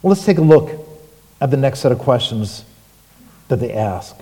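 A man preaching a sermon as pastor, animated and rhetorical, with sudden emphatic rises. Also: medium pitch, moderate pace, long reverb tail.

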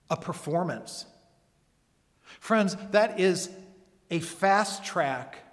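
Pastor guy preaching slow and earnest, lots of questions to the crowd, big reverby hall sound. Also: sits high, fairly bright tone. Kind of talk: sermon. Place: church service.

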